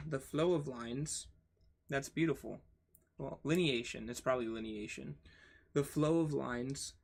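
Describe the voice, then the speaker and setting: A man reading a book aloud on his channel, haltingly, spelling out hard words and stopping to comment. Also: medium pitch. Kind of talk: casual read-aloud with comments.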